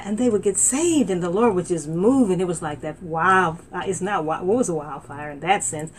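A middle-aged woman minister preaching a sermon with fervent, animated delivery, often saying amen, recorded on a laptop. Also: fairly low pitch, slight background noise. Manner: fervent, animated, frequent amens. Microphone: laptop mic.

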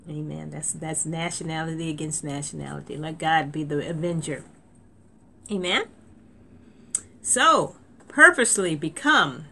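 A woman's voice: low-pitched, little pitch movement, moderate pace, vocal fry, slight background noise. A woman preaching a sermon in a conversational way, with restarts and sudden emphatic lifts.

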